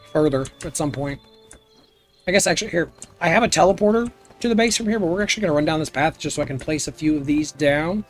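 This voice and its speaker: Male streamer, pitched a bit high, loose rambling chat with viewers over faint music. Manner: rambling, goofy, chats with viewers while playing. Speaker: live streamer. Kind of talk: casual gameplay stream chat.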